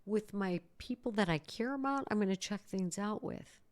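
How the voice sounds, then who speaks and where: A woman's voice: mid-range voice, moderate pace. A middle-aged woman hosting a podcast, talking casually and acting out worried inner voices. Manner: animated, acts out inner voices. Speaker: podcast host, psychologist.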